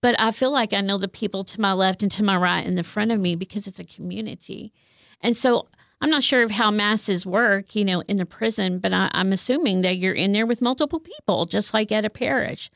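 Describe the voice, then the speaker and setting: A woman's voice: medium pitch, brisk, gravelly, a bit bright, no room sound, studio quality. A woman who works as a counselor, speaking in an earnest, heartfelt way about her faith. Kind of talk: reflective faith talk.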